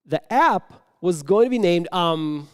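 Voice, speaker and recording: A man's voice: sits high, lively intonation, a little slow, clear, resonant tone. A man telling an improvised comic story on a conference stage before an audience, acting out the dialogue and dropping into sudden whispers. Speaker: improv performer and speaker.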